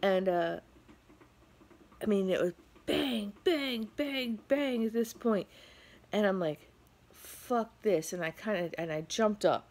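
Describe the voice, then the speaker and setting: A woman's voice: mid-range voice, measured pace, pauses often, darkish tone. A tired middle-aged woman vlogging from home, telling a rambling story with lots of fillers. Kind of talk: casual storytelling vlog.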